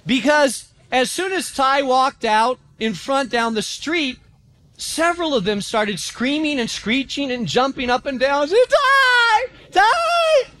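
A pastor preaching a sermon in a church, telling stories with animation and acting out quotes. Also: male voice, very high voice, measured pace. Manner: animated storytelling, acts out quotes.

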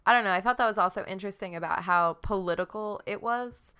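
A woman's voice: mid-range voice, quick pace, smooth. Giggly woman co-host. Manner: giggly, animated. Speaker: podcast co-host. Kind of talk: casual movie chat.

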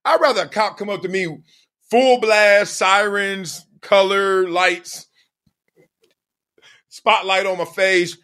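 A middle-aged man hosts a podcast, telling a comic story in an animated way, laughing often and acting out quoted voices. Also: high voice, slow pace, pauses often. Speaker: podcast host. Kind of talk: comedic storytelling monologue.

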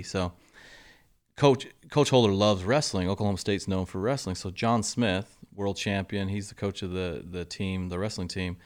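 A middle-aged man, a golf coach telling lively stories in an interview and acting out the quotes. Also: normal speed. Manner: animated storyteller, acts out quotes, drops to a low murmur for asides. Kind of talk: casual interview storytelling.

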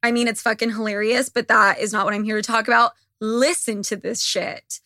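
Young woman podcast host, candid profane rant, slightly high and sharp, dry close mic. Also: fairly even intonation, a little fast, no echo. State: slightly losing her voice. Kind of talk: casual monologue.

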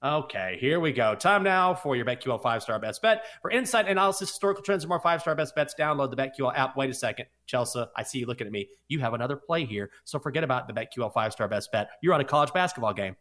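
A man's voice: medium pitch, lively intonation, fast, hardly any pauses, a bit bright. A man co-hosting a sports betting podcast, talking in casual, self-deprecating banter.

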